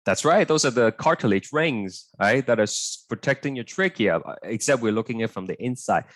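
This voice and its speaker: A man's voice: mid-range voice, animated, brisk, dry recording. A young man teaching an online biology tutorial in a chatty, hesitant way, full of fillers and "right?" checks with his students.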